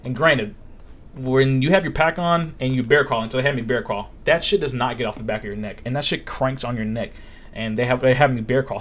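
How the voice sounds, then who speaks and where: A young man in his twenties hosting a casual live-stream Q&A, telling blunt, profane stories and acting out what others said. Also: medium pitch. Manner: blunt, profane storytelling, acts out quotes. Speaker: live stream host answering questions.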